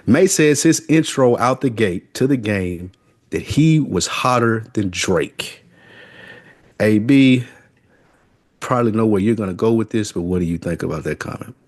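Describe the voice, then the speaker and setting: Deep husky-voiced man hosting a podcast. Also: expressive, a little slow, darkish tone, dry recording, clean studio sound. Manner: laid-back, laughs easily, leads topics. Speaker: podcast co-host. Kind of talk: casual chat.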